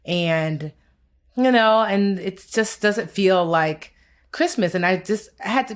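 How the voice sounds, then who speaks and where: Speaking a little slowly in a mid-range voice, an American woman co-hosts a laid-back podcast. Her talk about the year is open, reflective, and tinged with tiredness.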